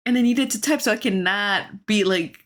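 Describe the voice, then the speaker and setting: A woman's voice: medium pitch, moderate pace, a little hiss or hum. A woman co-hosting a podcast in casual chat, a native Spanish speaker who is blunt, laughs often and swears freely. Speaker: podcast co-host.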